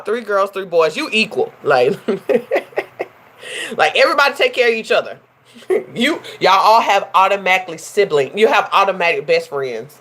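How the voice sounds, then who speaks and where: A woman's voice: medium pitch, fairly bright tone. A woman hosting a casual livestream, chatting with viewers, laughing often and calling them y'all. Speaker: life coach and livestream host.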